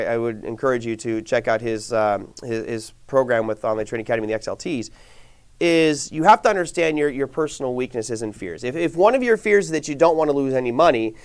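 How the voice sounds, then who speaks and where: A man teaching a live online trading class, talking casually and answering viewers' chat questions. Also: on the high side. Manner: conversational, reads viewer chat aloud; animated, rhetorical questions. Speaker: trading instructor.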